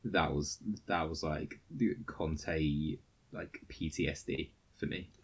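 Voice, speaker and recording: A man's voice: rumbling low, steady tone, takes it slowly, husky. A man co-hosting a casual football podcast, giving crude, swearing, run-on match analysis. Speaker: podcast co-host.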